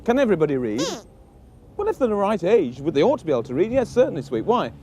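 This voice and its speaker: A man's voice: high voice, fast talker, background noise. A man with a British accent presenting a children's show, talking playfully and patiently to a puppet. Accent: British English. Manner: animated, teasing, patient.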